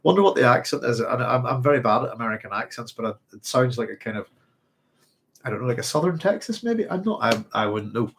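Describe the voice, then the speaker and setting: A man's voice: medium pitch, lively intonation, fast, a bit bright, slight background noise. A man hosting a live chat, rambling and hesitant as he reads out viewer comments. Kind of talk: casual live-stream chat.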